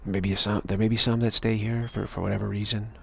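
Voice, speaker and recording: A man's voice: lowish voice, little pitch movement, a little fast, vocal fry, a bit bright, husky. A man giving a rambling spiritual talk on a live stream, repeating himself and restarting words often. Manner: repetitive, stumbling restarts, earnest. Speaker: spiritual teacher.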